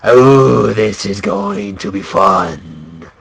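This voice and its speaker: A man voicing a sinister, theatrical male showman, drawn-out and mock-menacing. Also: lowish voice, lively intonation, gravelly, slightly rough, pitched below the performer's own voice, heavily acted.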